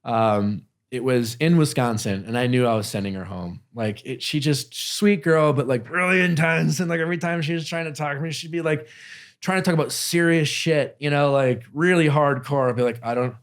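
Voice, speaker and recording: A man's voice: on the high side, normal speed. Chatty man host telling stories. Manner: storytelling, many fillers and restarts; swears casually. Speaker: podcast host. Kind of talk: casual chat.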